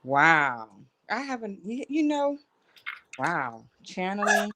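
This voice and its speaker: A woman calling in for a psychic reading, reacting eagerly with quick exclamations. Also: medium pitch, sing-song, very noisy. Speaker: caller getting a reading. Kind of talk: casual chat.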